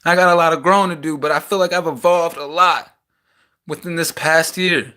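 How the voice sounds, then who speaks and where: A young man in a small house, venting a raw personal rant that swings between heated outbursts and quieter reflection. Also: a little high, steady tone, normal speed. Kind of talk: emotional personal rant to camera.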